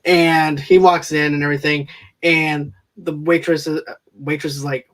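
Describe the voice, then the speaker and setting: A man's voice: on the high side, little pitch movement, measured pace. Enthusiastic man recapping a film. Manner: rambling, enthusiastic plot recap with frequent fillers. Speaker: movie reviewer co-host. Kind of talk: casual podcast film review.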